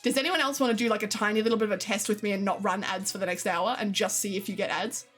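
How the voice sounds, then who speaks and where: A young woman streamer chatting casually to her live audience with an exaggerated, expressive delivery, swearing freely and laughing often. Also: medium pitch, quick pace, faint music behind.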